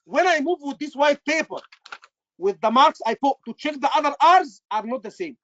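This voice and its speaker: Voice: high-pitched, lively intonation, normal speed, fairly bright tone, muffled recording. An instructor teaching a live class, repeating key points and quizzing the students with short questions. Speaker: medical exam instructor.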